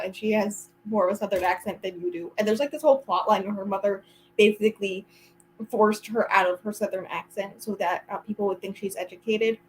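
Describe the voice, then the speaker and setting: A woman's voice: on the high side, low-quality recording. A woman vlogger chatting casually to a friend during reading sprints, rambling and giggling often.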